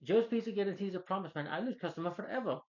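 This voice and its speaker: A man doing an excitable pizza shop boss, pitched far above his own voice, who scolds in loud, broken English. The sound is dull and muffled, like a lo-fi home recording. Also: racing, natural voice. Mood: scolding. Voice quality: broken English, high and shouty.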